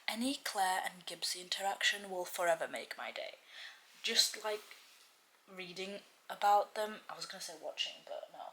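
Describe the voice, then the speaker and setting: Woman book vlogger, casual and bright, flips between whispers and exasperated giggling. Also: on the low side, slight background noise. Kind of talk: casual reading vlog.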